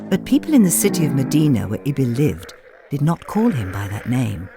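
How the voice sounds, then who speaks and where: A man reading a children's storybook aloud in a gentle, expressive manner. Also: mid-range voice, fairly quick, over music. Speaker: narrator. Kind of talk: storybook narration.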